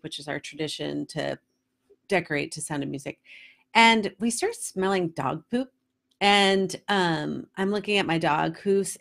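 A middle-aged woman hosting a vlog, chatty and animated, often laughing as she tells a story in a casual storytelling style. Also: fairly low pitch, creaky. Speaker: host.

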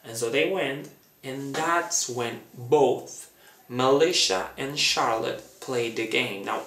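A man talking through a fan theory in a chatty, dramatic way, acting out quotes in a high voice. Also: fairly bright tone, echoey room. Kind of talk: casual fan theory talk.

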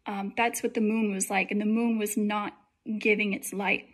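A woman's voice: mid-range voice, little pitch movement, moderate pace. A young woman telling a dream in casual testimony, chatty and full of fillers. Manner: chatty, many likes and fillers.

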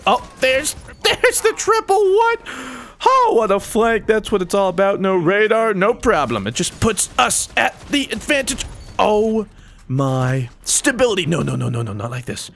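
Young dude yelling over his game, voice bouncing way up and down, kinda high. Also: moderate pace, gravelly. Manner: excitable, exclaiming and joking. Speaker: gaming YouTuber. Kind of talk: live gameplay commentary.

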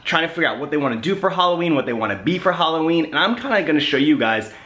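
A man's voice: a little high, expressive, very fast, fairly bright tone. A young man with the hiccups chatting casually to his vlog camera, rambling with lots of fillers. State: has the hiccups. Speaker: vlogger.

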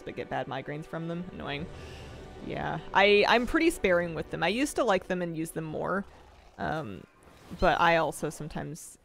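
Woman game streamer, casual and giggly, lower pitch, very animated intonation. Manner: chatty, giggly, rambling asides. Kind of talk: casual gaming stream chat.

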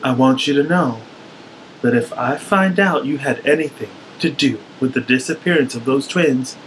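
A man voicing a gruff older bearded woman, a mother, making low, menacing threats in a comedy sketch. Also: moderate pace, slight background noise, close to an everyday voice, rough recording. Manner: low menacing threats, fumbling through the read.

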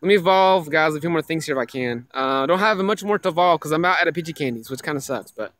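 Excitable young man streaming a mobile game. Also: on the high side, fast. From Tennessee. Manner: excitable, repeats himself, addresses chat as guys. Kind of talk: casual live-stream gaming chat.

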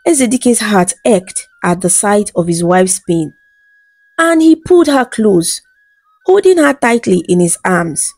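A woman narrating a bedtime folktale in a smooth, even storytelling read. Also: medium pitch, unhurried, no echo, soft background music.

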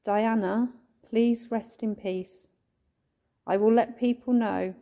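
A woman ghost hunting in a church, softly pleading and coaxing as she calls out to a spirit, at times emotional. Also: a little high, fairly even intonation, slow pace, highs cut off. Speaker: ghost hunter vlogger. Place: inside a church.

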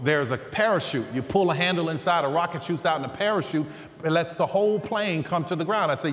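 A man's voice: on the high side, fast talker, a little hiss or hum. Man preaching with humorous stories, echoey hall. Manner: humorous, animated storyteller. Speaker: guest preacher. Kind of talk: sermon told as personal stories. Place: large church hall stage. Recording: echoey hall, faint ambience.

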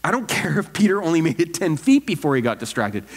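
A man, a pastor, preaching an earnest, animated sermon full of rhetorical questions. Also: on the high side, quick pace, big-room sound. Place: church sanctuary.

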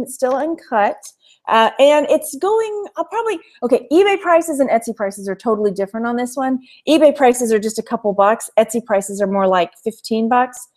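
Slightly high and animated with a darkish tone, her voice keeps a normal speed as she hosts a live thrift haul stream. The Texan-accented woman chats casually, laughs often and reads viewer comments aloud.

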